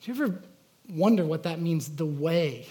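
A male pastor preaching a sermon in a relaxed, conversational way. He talks earnestly and stops to restart his thoughts, with plenty of fillers along the way. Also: fairly high pitch, moderate pace.

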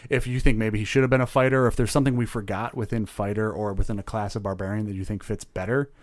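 Brief: man co-host, fast and rambling, casual chat, dry studio sound. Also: on the low side, flat delivery, no echo. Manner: rambling, lots of "like" and restarts, laughs easily. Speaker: podcast co-host.

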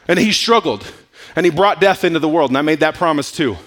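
Man, preaching, sermon, animated, bright, lively pitch, loud and soft swings. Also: brisk. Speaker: pastor.

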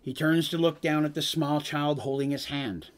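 A man's voice: on the high side, steady tone, normal speed. Man retelling a tabletop game. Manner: storytelling, dramatic narration with asides. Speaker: game master.

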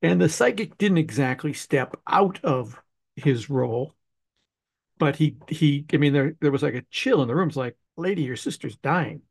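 A man hosting a podcast interview, telling a relaxed anecdote from his research. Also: fairly high pitch, normal speed, vocal fry, slightly rough, dry recording. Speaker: podcast host, mystery author. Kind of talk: conversational interview.

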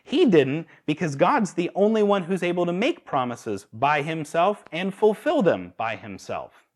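Animated male preacher with lively pitch. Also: unhurried. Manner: animated, asks the audience rhetorical questions. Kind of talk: sermon.

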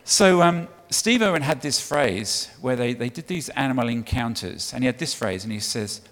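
A bit bright and lively in intonation, this medium-pitched voice moves at a moderate pace with hardly any pauses. The middle-aged English guest preacher, there for a child sponsorship charity, chats his way through a sermon to the congregation with many ums and restarts, amid the church hall's long reverb.

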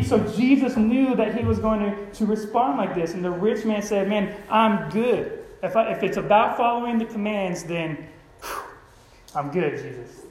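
A man with a high-sitting voice preaches a sermon as a pastor, speaking conversationally and repeatedly checking in with the congregation by asking "right?" The recording is rough, in an echoey room.

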